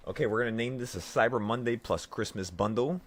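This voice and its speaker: A man who is sick, excitedly and profanely talking viewers through his live trades and cursing at himself. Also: medium pitch, fast. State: sick, voice affected by illness. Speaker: trading vlogger. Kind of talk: live trading commentary to viewers.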